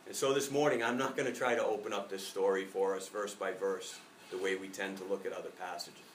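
Low-voiced pastor in a roomy church. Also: male voice, steady tone, fairly quick, distant mic, a little hiss or hum. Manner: reflective, personal storytelling. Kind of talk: sermon.

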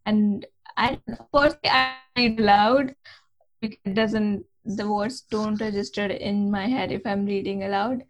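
A woman's voice: medium pitch, steady tone, a little slow, poor audio. A woman hosting a casual podcast, asking light questions and laughing often. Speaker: podcast host.

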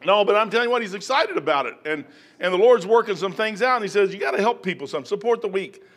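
High bright-voiced folksy preacher man. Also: animated, fairly quick. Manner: folksy storytelling, bursts into loud shouts when acting out prayers. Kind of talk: sermon.

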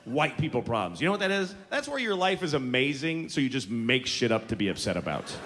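A man in his forties doing a stand-up comedy routine, ranting with profanity and slipping into quick character voices. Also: mid-range voice, sing-song, background noise. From United States. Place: large theater on stage. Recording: live theater with hall reverb and crowd laughter.

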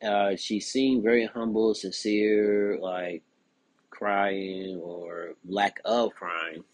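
Man, young adult, husky, dry close mic, casual commentary. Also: on the low side, drawn-out words, no echo. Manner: animated, frequent "you know what I'm saying". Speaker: podcast host.

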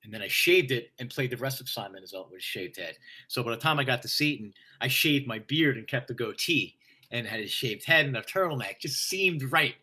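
Bright-voiced man telling a lively story. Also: mid-range voice, brisk, slightly rough. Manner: profane, laughing, energetic storyteller. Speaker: stage actor, guest. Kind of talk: casual storytelling in a conversation.

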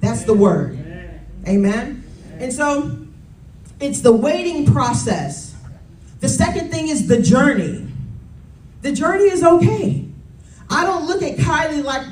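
A woman's voice: sits high, sing-song, slow pace, pauses often, a little mellow. A woman in her thirties preaching a sermon in a conversational way, often calling out to the congregation. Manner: conversational, calls to congregation with "y'all" and "Amen". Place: church. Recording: roomy sound from a distance.

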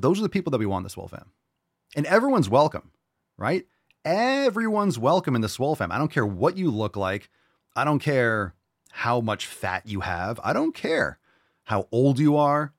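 A man's voice: mid-range voice, sing-song, normal speed, dry recording, clean studio sound. A man hosting a show and answering listener questions, giving a blunt, profane motivational rant. He mocks people in whiny put-on voices.

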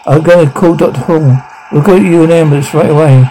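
An actor playing a frantic young husband during a home birth, talking in an urgent, strained way. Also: male voice, a little high, a little fast, mellow, slight background noise, natural voice, poor audio. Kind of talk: screen drama acting.

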